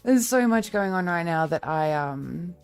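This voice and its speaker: A woman's voice: on the low side, lively intonation, unhurried, smooth, faint music behind. A woman streamer chatting casually with her viewers, rambling, with lots of fillers.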